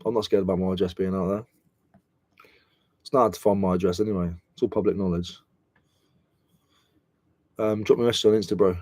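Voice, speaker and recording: British man, mellow, dry close sound, casual slangy stream chat. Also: low-pitched, fairly even intonation, a little fast, pauses often, no echo. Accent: British English. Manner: chatty, slangy, self-mocking. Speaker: reselling vlogger.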